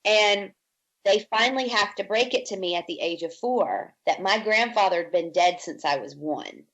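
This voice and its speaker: A woman's voice: mid-range voice, moderate pace, muffled recording. Woman from Virginia telling her story. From Virginia, USA. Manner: lively storyteller who acts out quoted speech. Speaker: podcast guest. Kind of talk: storytelling in an interview.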